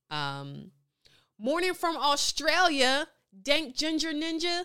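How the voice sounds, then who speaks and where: In a studio, a woman appearing as a podcast guest speaks in a high-pitched, sing-song voice that is bright and forceful, taking her time. She chats casually and candidly, full of slang, laughter and playful exaggeration, and reads out live comments.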